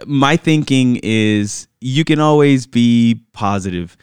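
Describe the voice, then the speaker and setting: A man's voice: medium pitch, slow, clear, resonant tone, dry recording, clean studio sound. A middle-aged man co-hosting a podcast in casual chat, upbeat and affirming, laughing often, a little tired. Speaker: podcast co-host.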